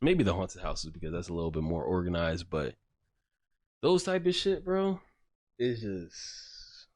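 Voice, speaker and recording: Low-voiced man telling a story casually. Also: very animated, a little slow, no room sound. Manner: rambling storyteller, heavy on filler "like", profane. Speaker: podcast host. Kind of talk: casual chat.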